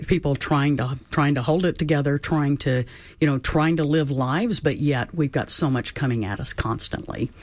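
A guest on a talk show speaking haltingly, repeating words and using many fillers. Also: medium pitch, no echo.

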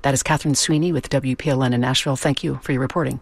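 A news host asking brisk, direct questions in a radio interview. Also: medium pitch, fairly even intonation, creaky, no room sound.

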